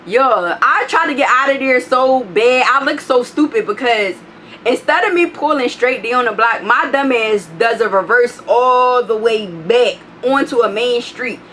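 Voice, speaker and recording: A young woman vlogger telling an animated, profane storytime, acting out what people said with big jumps in pitch. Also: unhurried, slight background noise.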